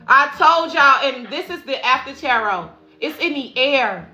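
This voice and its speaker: Bright-voiced woman giving a tarot reading. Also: high-pitched, expressive, a little slow, hardly any pauses. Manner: repeats affirmations and calls listeners "y'all" and "baby". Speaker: intuitive tarot reader. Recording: echoey room with faint music.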